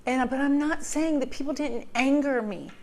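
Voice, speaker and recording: A woman's voice: high voice, moderate pace. Woman talking straight to camera, earnest and emotional, lots of ums, repeats herself for emphasis. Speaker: vlogger sharing recovery advice. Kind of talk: heartfelt personal talk to camera.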